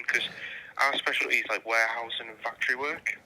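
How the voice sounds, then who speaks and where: Man, recruitment agent, phone call, polite, hesitant restarts, very bright tone. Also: mid-range voice, fairly even intonation, a little fast, a little hiss or hum. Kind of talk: phone conversation. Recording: tinny phone line.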